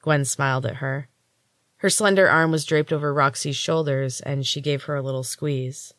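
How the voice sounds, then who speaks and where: A woman hosting a storytelling podcast, reading a first-person novel in measured, expressive narration. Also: low voice, dry recording.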